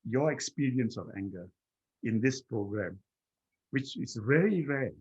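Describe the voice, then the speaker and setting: Man, husky voice, reflective personal storyteller, halting restarts, muffled lo-fi recording. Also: medium pitch, animated, darkish tone. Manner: slow, repetitive, with many restarts. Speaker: guest speaker.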